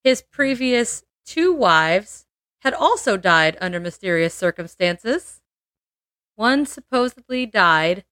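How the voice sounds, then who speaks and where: A woman's voice: medium pitch, lively intonation, slow, fairly bright tone, dry recording, studio quality. A woman hosting a podcast, telling a true-crime story in casual chat, laughing often and adding playful asides.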